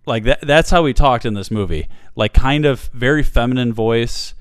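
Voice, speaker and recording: A man's voice: medium pitch, normal speed, few pauses, clean tone, no echo, clean studio sound. A man hosting a casual chat, rambling through a film plot with many fillers and restarts. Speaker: podcast host reviewing a film.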